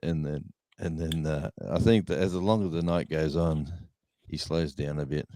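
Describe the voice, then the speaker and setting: A man's voice: a bass voice, steady tone, normal speed, warm tone. A man co-hosting a livestream chat, telling rambling stories and chuckling. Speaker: livestream co-host. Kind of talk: casual storytelling chat.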